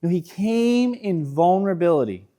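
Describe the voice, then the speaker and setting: A man's voice: high voice, expressive, moderate pace, dark tone. A male pastor in his thirties preaching a sermon in a casual, self-deprecating storytelling way, acting out quotes.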